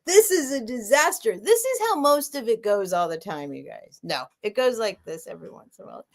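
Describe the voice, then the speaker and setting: A woman's voice: medium pitch, very animated, a little fast. A middle-aged woman hosting a casual live sale stream, talking in a chatty, rambling way with emotional asides.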